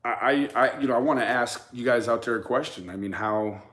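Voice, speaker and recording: A man's voice: medium pitch, brisk, a bit bright. Emphatic man ranting to his viewers. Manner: emphatic, stammers and repeats words, addresses viewers and critics directly. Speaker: YouTube true crime commentator. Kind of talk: casual commentary rant to camera.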